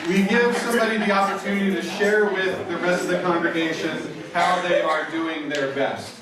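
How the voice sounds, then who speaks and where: A man gives announcements to a gathering as its organizer, in an inviting tone with loose pauses. His slightly high voice comes from far off the microphone and rings through a very echoey hall. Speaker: assembly organizer. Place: large hall.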